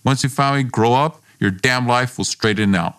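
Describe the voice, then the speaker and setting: A man's voice: mid-range voice, moderate pace, a bit bright, natural voice. A man reading the lines of a hot-tempered, domineering young man in a story podcast, blunt, scornful and swearing. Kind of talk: read dialogue in a story podcast.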